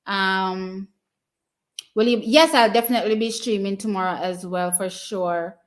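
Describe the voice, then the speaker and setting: A woman's voice: mid-range voice, a little slow. A Jamaican woman hosting a live stream, casually commenting on races, answering viewers' questions and cheering her team on. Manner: chatty and excitable, cheering teams on. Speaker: live stream watch party host.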